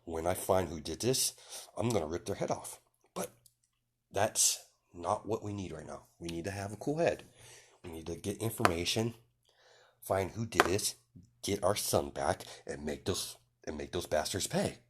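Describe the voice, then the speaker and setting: A man voicing a cool-headed, protective mother figure who calls people "dear" and speaks softly. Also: deep voice, normal speed, slightly rough. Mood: fierce.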